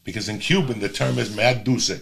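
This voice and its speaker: Gravelly man telling profane street stories. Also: fairly low pitch, fairly quick, fairly bright tone. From New Jersey, United States. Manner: profane, rambling street storyteller. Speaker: podcast host. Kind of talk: casual storytelling chat.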